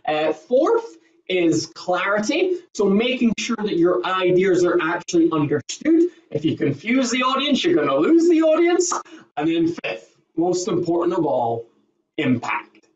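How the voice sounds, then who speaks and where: A man's voice: high-pitched, sing-song, a little slow. A man, a presentation skills trainer, explaining with an emphatic coaching manner as a guest on a call. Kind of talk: podcast interview answers. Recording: roomy, distant, dull remote audio.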